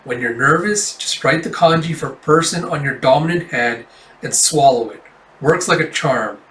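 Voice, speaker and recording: A man playing an easygoing young male performer, casual and teasing, giving relaxed reassurance. It is close to his own voice, a little high for a man, echoing in a roomy space from slightly off the mic. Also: moderate pace, recorded from a distance, lightly acted. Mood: advising. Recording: echoey room, off-mic.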